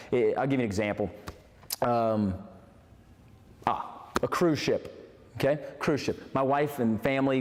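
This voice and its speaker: A man gives a motivational talk at a medium pitch, getting animated and emphatic and repeating key words to drive his points home. His voice rings with a long reverb, as if he is in a large hall. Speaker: motivational host.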